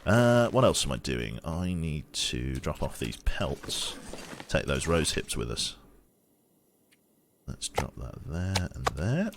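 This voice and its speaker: A young man with a Brummie accent chats his way through a survival game stream, rambling and swearing as he goes. His voice sits very low but swings widely in pitch when he gets opinionated. A faint hiss of background noise runs under the recording. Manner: rambling, opinionated, swears casually, restarts sentences. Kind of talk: casual gameplay commentary.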